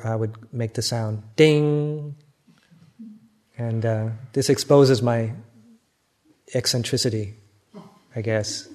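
An older man with an American accent, a Buddhist monk giving a reflective, gently self-mocking dharma talk. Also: medium pitch. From United States.

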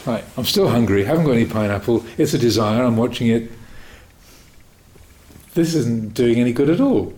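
A man who teaches Buddhist meditation, answering a question in a Dhamma talk with calm, reflective storytelling and light self-mocking humor. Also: mid-range voice, normal speed, long pauses, low-quality recording.

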